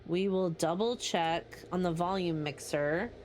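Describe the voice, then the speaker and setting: With slight background noise, a woman speaks at a measured pace in a somewhat mellow, low-side voice, her accent from New Jersey. She's streaming a game and chatting casually with viewers, swearing and often restarting her sentences.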